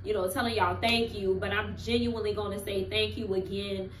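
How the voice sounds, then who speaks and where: A woman's voice: medium pitch, little pitch movement, a little fast, reverberant, slight background noise, poor audio. A woman in her thirties filming a personal vlog at home, speaking in an earnest, heartfelt, faith-filled way. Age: 30s. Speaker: vlogger.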